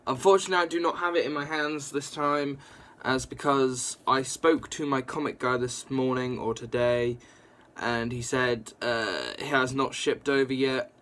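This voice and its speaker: A young man casually reviewing a comic book, rambling and excitable, with lots of fillers and restarts. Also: mid-range voice, moderate pace. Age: young adult.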